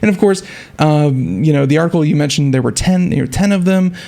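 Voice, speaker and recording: A man's voice: a little high, lively intonation, a little fast, vocal fry, dark tone. A man co-hosting a tech talk show in casual chat, rambling and repeating words as he restarts. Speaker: radio show co-host.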